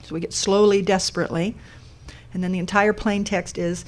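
A woman speaking about a code sculpture walks a live audience through it step by step, asking the room questions. Her medium-pitched voice is brisk and flatly delivered.

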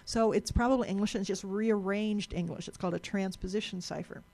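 A woman's voice: mid-range voice, fairly quick, darkish tone. A woman giving a live presentation to an audience in a lecture room, chatty and explanatory, often restarting and repeating words.

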